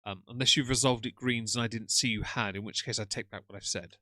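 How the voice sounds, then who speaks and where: A middle-aged man with a bright, forceful voice chats on a live stream and answers his viewers with dry, sardonic teasing. He sits close to a desk microphone, and the sound is dry and unroomy. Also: fairly low pitch, fairly even intonation, fast talker, no room sound. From England. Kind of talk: casual stream chat, reading comments.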